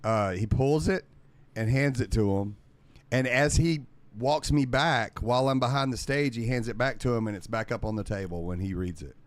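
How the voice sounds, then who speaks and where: A man, a guest telling a lively story in casual chat, acting out his own past lines. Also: medium pitch, normal speed, no echo. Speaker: guest comedian and drummer.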